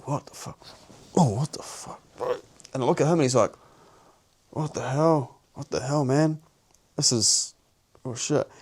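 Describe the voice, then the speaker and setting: With a mid-range, slightly mellow voice, a young New Zealander co-hosting a podcast recounts a personal story. His delivery is blunt and sweary, with "bro" scattered throughout.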